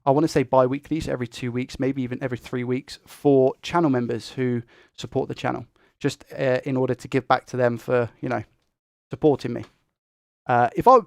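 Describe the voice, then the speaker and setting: A young man who talks fast and excitably while hosting a tech live stream and reading viewer comments. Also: medium pitch, vocal fry, no echo, clean studio sound. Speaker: tech livestream host.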